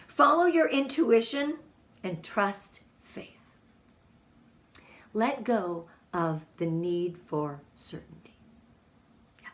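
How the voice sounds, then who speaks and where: A woman giving an emotional, encouraging motivational talk to her sales team as a guest speaker. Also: a little high.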